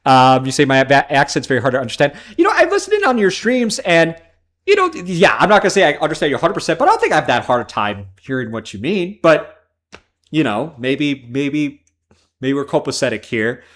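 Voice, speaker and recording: Animated, swearing man streaming games. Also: a little high, a little fast. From Chicago, American Midwest. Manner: animated, swears freely, wanders off on tangents. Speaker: livestream host. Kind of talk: casual gaming livestream chat.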